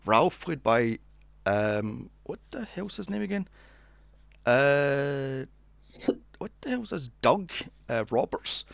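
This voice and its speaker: Animated man with a gravelly voice. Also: mid-range voice, takes it slowly, long pauses, dry recording, highs cut off. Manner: animated, swears freely, acts out quotes in a mocking voice. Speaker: podcast co-host. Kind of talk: casual film recap chat.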